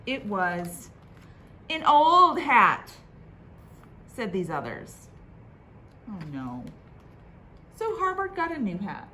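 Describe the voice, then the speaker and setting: Brief: a woman librarian at storytime, reading aloud slowly with a lively, sing-song voice. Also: lowish voice, a little hiss or hum. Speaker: children's librarian.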